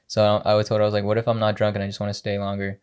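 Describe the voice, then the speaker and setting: Low-voiced young man rambling a story. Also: monotone, rapid-fire, darkish tone, smooth. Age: young adult. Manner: rambling, heavy on fillers and quoted dialogue. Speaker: podcast co-host. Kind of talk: casual storytelling chat.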